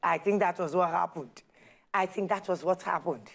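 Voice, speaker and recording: A woman's voice: lowish voice, normal speed, gravelly. A woman telling her personal story on a talk show, acting out the dialogue as she goes. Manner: animated storyteller, acts out quoted dialogue. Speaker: guest sharing her testimony.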